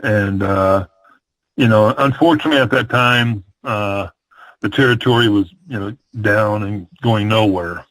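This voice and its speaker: A man's voice: on the low side, a little slow, a bit bright, no echo, rough recording. An older man from the American Midwest, a retired wrestler, telling long stories in an interview, rambling with many fillers and restarts. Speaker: retired pro wrestler, guest. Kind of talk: storytelling interview.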